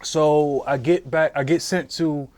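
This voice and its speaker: A man's voice: on the high side, fairly even intonation, unhurried, darkish tone, dry recording. A man, a military veteran, recounts his service in an oral history interview, talking casually with fillers and restarts. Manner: conversational, many fillers and restarts. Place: interview room at a history center.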